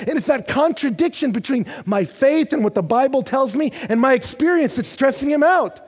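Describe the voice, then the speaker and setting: A man with a strikingly high, breathy voice delivers a sermon to his congregation. He drives each point home through repetition and steps into the psalmist's prayers as he speaks. Long reverb trails after every phrase. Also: lively intonation, moderate pace, few pauses, a little mellow. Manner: emphatic, repetitive preaching, acting out the psalmist's prayers. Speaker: pastor.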